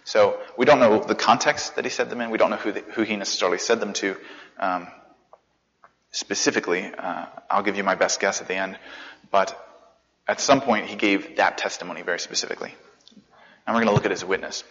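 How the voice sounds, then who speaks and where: A man's voice: lowish voice, steady tone, a little fast, a bit bright. A man teaching a Bible study in a casual, conversational way, repeating phrases for emphasis and using many fillers. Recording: reverberant hall, dull lo-fi sound.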